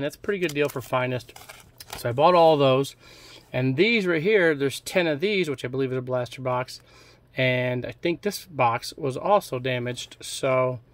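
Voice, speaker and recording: A middle-aged man giving casual, joking running commentary while opening trading card packs. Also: medium pitch. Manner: chatty, offhand running commentary with jokes. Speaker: card collecting YouTuber.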